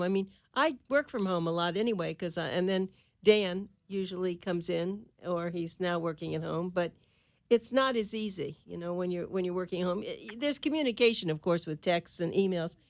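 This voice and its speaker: A woman's voice: fairly low pitch, no room sound. An older woman hosting a radio talk show from a studio, chatty and easygoing. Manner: chatty, easygoing, quick to laugh. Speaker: radio host. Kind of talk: casual radio chat.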